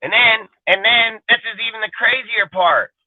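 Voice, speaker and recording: A man with a voice that sits high rants at a moderate pace on his sports talk show, heated, profane and exasperated. The line sounds tinny and phone-like, dry with no echo.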